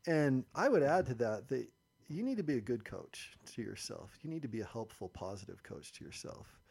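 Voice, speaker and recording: A man's voice: medium pitch, very animated, moderate pace, vocal fry, darkish tone, slightly rough. A man hosting a podcast, explaining ideas thoughtfully in a coach-like, casual way. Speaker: podcast host.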